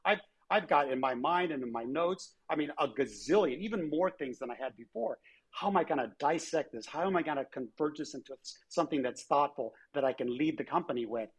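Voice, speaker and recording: A man's voice: a little high, brisk, breathy edge, rough recording. A man in his sixties, a former airline chief executive, telling stories in a conversational interview with lots of restarts and voiced quotes. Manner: animated storyteller with frequent restarts and quoted voices.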